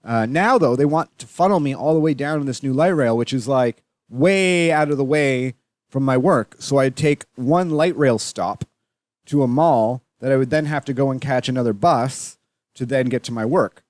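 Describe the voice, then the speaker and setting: A man's voice: medium pitch, moderate pace, a little mellow, no echo. A man hosting a solo podcast, ranting and swearing constantly in a rambling way full of fillers and restarts. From Canada. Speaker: podcast host.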